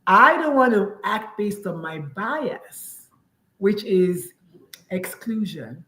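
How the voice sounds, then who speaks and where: A woman from Nigeria hosting a casual chat, animated and acting out little dialogues as she explains her point. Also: medium pitch, slow, echoey room, low-quality recording. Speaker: podcast host and parent coach.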